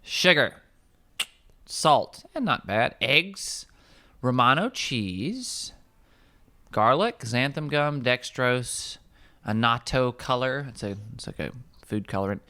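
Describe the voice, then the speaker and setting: A young man with a smooth, resonant voice talks casually in an office kitchen. He reads ingredient labels aloud with wry asides and lively emphasis, like a nutrition coach walking a friend through it. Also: medium pitch, takes it slowly, dry recording.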